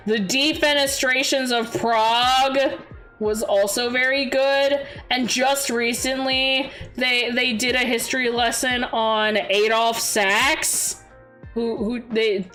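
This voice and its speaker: A woman's voice: a little high, fairly bright tone. A young woman streaming and chatting casually with viewers, rambling and giggling as she talks.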